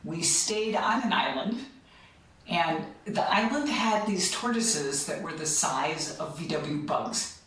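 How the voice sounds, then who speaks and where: Here a middle-aged woman on a podcast speaks slowly in a fairly low, slightly bright voice with lively intonation. Her casual, enthusiastic chat is full of laughter and unfinished sentences. She's distant from the mic, and the room echoes.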